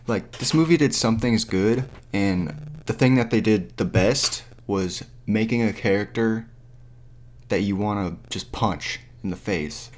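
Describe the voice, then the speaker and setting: A man's voice: on the low side, slight background noise. A young man ranting in a casual, foul-mouthed, exasperated way about a movie into his camera. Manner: profane, exasperated, animated. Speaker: vlogger. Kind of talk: casual movie review rant. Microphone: camera mic.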